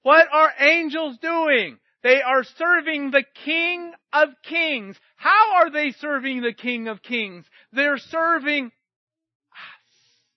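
A middle-aged male pastor with a notably high-pitched voice delivers an impassioned sermon. He drops into quiet anecdotes and then rises to shouted emphasis. The sound is dry and slightly muffled. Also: slow pace, dry recording. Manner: impassioned, swings between shouting and quiet storytelling.

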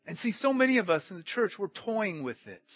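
Male preacher, high voice, dramatic loud-to-hushed delivery, dry muffled recording. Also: sing-song, fairly quick, slightly rough, no echo. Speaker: pastor. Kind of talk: sermon.

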